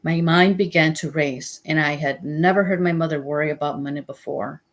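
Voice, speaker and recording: A woman reading a memoir aloud, telling it in a steady first-person way. Her voice is low and husky. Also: moderate pace. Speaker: memoir reader. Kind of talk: audiobook reading.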